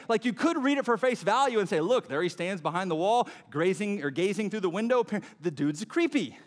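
A man's voice: sits high, long reverb tail. A male pastor preaching a sermon in a conversational way, acting out the lines he quotes, in a church auditorium.

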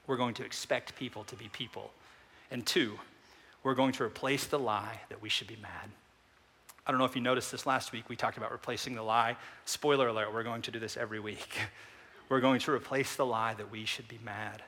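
Man, pastor preaching, emphatic then hushed, bright tone, reverberant hall. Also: brisk. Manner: swings from loud emphatic refutations to soft low asides. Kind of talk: sermon.

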